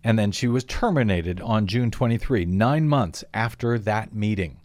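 A man's voice: on the low side, expressive, normal speed, darkish tone, no echo. A man hosting a talk radio show, reading out lawsuit details with wry asides and frequent fillers. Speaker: radio host. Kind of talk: talk radio news commentary.

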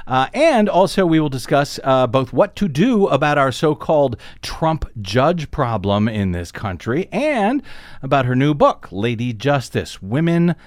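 Male radio host, lively sardonic delivery, dry studio sound. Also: mid-range voice, dry recording. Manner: sardonic, fast asides with chuckles. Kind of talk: political talk radio commentary.

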